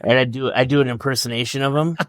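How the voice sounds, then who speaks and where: A man's voice: mid-range voice, steady tone, fast talker, no room sound, clean studio sound. A man co-hosting a casual podcast, telling parenting stories with frequent laughter. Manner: laughing, anecdotal storytelling. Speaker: podcast co-host.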